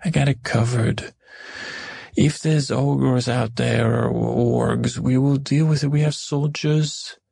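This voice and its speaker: A man's voice: medium pitch, fairly even intonation, slow pace, gravelly, dark tone, breathy edge, no echo, heavily acted. A man playing a hot-tempered queen. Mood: commanding. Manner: commanding, regal declarations. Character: proud, hot-tempered adult woman queen.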